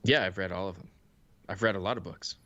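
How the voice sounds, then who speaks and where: A man's voice: low voice, fast, pushed and bright, no echo, dull audio. A man co-hosting a podcast in casual chat, making dry, teasing remarks. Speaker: podcast co-host.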